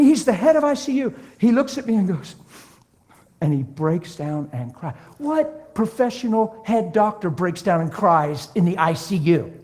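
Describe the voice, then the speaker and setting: A man preaching a sermon, telling stories and acting out conversations, swinging between hushed and loud. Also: high voice. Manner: acts out dialogue in different voices. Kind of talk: sermon with storytelling.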